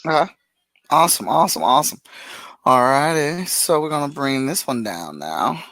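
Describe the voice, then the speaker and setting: A man co-hosting a casual podcast chat, blunt and jokey, with sudden bursts of excitement. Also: a little high, moderate pace, no echo, low-quality recording. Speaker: podcast co-host.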